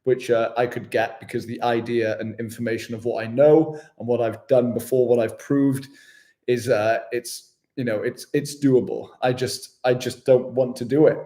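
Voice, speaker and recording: A young man with a Welsh accent talks casually to his viewers on a travel vlog stream. He is relaxed and chatty, full of slang, with a voice pitched right in the middle of the range. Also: normal speed. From Wales. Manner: laid-back, chatty, slangy, laughs often. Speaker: travel vlogger. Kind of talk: casual livestream chat reading comments.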